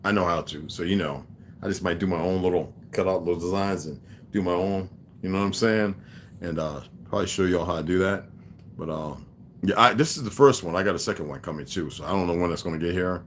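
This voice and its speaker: Very deep-voiced blunt, profane man. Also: quick pace, a little hiss or hum. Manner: blunt, profane and preachy, with many fillers. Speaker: livestream vlogger. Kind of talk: casual rambling livestream talk.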